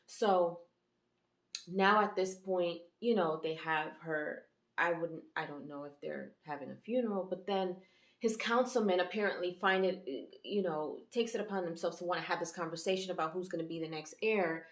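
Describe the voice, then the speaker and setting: A woman with a lowish voice talks casually through a TV episode review, rambling along with plenty of fillers and self-corrections. Her voice rings in an echoey room. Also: normal speed. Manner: chatty and rambling, many fillers and restarts. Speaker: YouTube reviewer and channel host.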